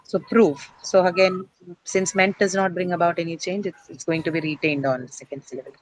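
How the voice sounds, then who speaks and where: A woman's voice: on the low side, steady tone, fairly quick, dry recording, poor audio. A woman teaching English word stress to a class. She explains step by step, often says "uh", and asks her students questions.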